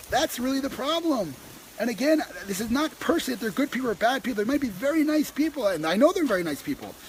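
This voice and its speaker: Man, high voice, impassioned and halting, talking to camera over a noisy track. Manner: impassioned, many restarts, rising when stressed. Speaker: host. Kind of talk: passionate personal talk.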